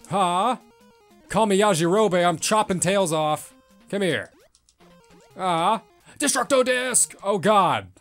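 A man commenting on a retro game as he plays, swearing and reacting loudly. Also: fairly high pitch. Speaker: gameplay streamer. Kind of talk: excitable let's-play commentary.

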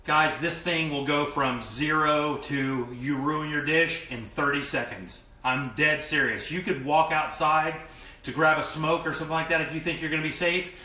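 A man hosting a live cooking show, talking in an animated, emphatic, joking way while he cooks. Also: a little high, moderate pace, echoey room. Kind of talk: live cooking demo chat.

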